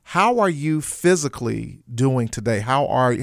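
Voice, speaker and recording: A man's voice: mid-range voice, lively intonation, moderate pace, creaky, no echo, studio quality. A man hosting a faith-based interview podcast, affirming his guest with frequent interjections of praise. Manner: affirming, peppers talk with "praise God" and "amen". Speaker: podcast host.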